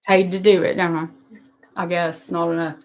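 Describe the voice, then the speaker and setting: A woman's voice: lowish voice, flat delivery, normal speed, a little hiss or hum. A middle-aged woman, hosting a casual livestream and talking in a rambling, emotional, self-deprecating way. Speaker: livestream host. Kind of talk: casual live-stream chat.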